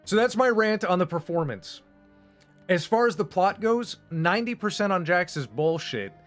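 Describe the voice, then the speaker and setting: A male streamer launches into a casual, heated rant, swearing freely and hammering his points home. His voice sits somewhat high, and quiet music plays behind him. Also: normal speed. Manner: profane, emphatic, animated.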